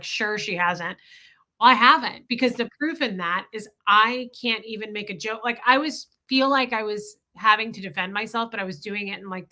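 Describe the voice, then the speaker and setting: A woman co-hosting a livestream, chatting warmly with her partner and thanking viewers by name. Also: mid-range voice, rough recording. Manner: effusive, talks straight to viewers. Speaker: co-host. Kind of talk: livestream chat reading comments.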